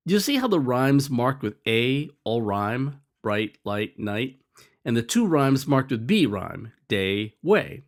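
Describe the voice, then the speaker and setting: A man's voice: medium pitch, big pitch swings, takes it slowly. A man narrating a scripted lesson in a wry, explanatory way. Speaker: teacher.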